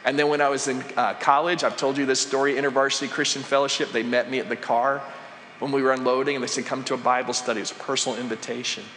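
A man's voice: medium pitch, flat delivery, fast, a bit bright. Man preaching, pastor, conversational sermon, long church-hall reverb, faint room noise. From United States. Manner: conversational, asks the congregation questions. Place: church sanctuary.

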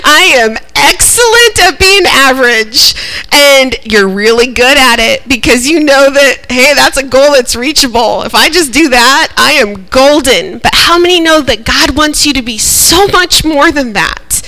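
Bright-voiced woman preaching a sermon. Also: high voice, measured pace, hardly any pauses, low-quality recording. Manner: animated, laughing often, calls for audience responses.

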